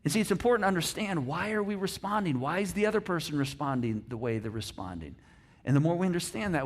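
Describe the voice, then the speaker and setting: A man preaching a sermon in a church, animated, acting out little voices and laughing often. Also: a little high. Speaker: pastor. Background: congregation.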